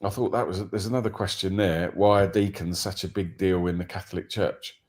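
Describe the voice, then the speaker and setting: Deep-voiced East London man, Estuary accent. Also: fairly even intonation, brisk, darkish tone. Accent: Estuary English. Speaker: co-host. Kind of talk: casual chat.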